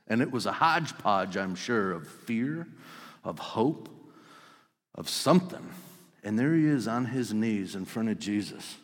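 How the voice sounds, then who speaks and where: A man preaching a sermon, telling the story vividly and swinging between loud outbursts and hushed lines. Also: on the low side, lively intonation, a little slow, long reverb tail. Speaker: pastor.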